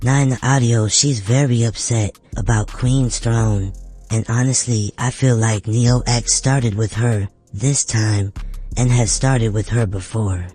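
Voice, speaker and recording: A man hosting a commentary show, calmly introducing clips and explaining them. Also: mid-range voice, unhurried, soft background music. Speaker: commentary host. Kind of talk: commentary narration.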